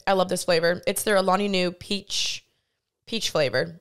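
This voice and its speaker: A woman's voice: fairly low pitch, steady tone, moderate pace, clear, resonant tone. A woman in her twenties hosting a casual solo podcast, chatty and bubbly, laughing often. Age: 20s. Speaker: podcast host. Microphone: studio podcast mic, seen on camera.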